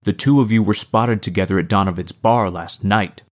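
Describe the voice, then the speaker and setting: A man's voice: lowish voice, normal speed, dry recording, natural voice. A man reading the lines of an annoyed, stern middle-aged sheriff in an audiobook. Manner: stern, curt.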